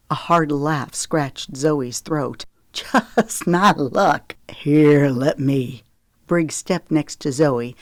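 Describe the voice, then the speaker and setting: A woman narrating an audiobook in a steady, even storytelling voice. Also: low voice, no room sound, clean studio sound.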